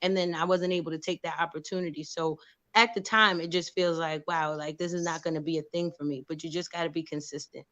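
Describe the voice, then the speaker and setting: Lively woman guest, from new york, bright clear voice, acts out quotes as she talks. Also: low voice, fast. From New York, USA. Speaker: actress and producer, guest. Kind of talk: casual interview storytelling.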